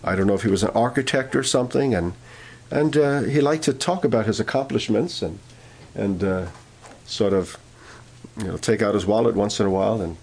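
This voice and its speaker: Male preacher, husky voice, halting storyteller who builds to emphatic peaks. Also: fairly low pitch, darkish tone. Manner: halting with many fillers, rising to emphatic peaks. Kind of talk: sermon storytelling.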